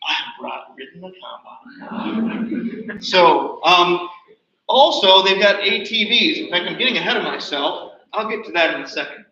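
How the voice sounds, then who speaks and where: Casting: male presenter, high and bright voice, chatty storyteller, roomy hall, distant muffled mic. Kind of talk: slide show talk. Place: nature center hall. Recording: roomy, distant, dull livestream audio.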